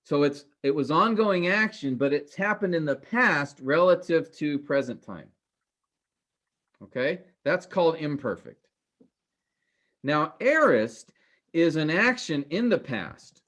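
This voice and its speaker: A man teaching a class, halting with many fillers and restarts, his voice trailing off quieter at the ends of phrases. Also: a little high, lively intonation. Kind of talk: classroom lecture.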